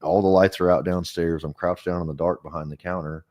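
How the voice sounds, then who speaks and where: A man with a deep, low-pitched voice recounts his own past as an interview guest. He talks frankly and earnestly, rambling a little and circling back to restart his sentences. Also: steady tone, a little fast, darkish tone. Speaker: interview guest, foundation director. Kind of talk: personal storytelling in an interview.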